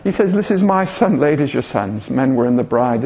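A man's voice: mid-range voice, lively intonation, moderate pace, a little mellow. A man preaching an informal sermon in a church, chatty and jokey, often asking the congregation questions. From southern England. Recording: dull lo-fi church recording.

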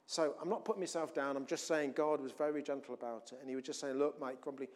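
A man preaching a sermon in a conversational way, often restarting, swinging between loud emphasis and quiet asides. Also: fairly high pitch, steady tone, brisk.

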